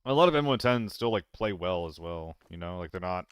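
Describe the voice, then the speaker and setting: A man giving casual commentary while streaming a game, rambling and answering chat, with hiccups and throat clearing. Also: low voice, animated, a little fast, dry recording.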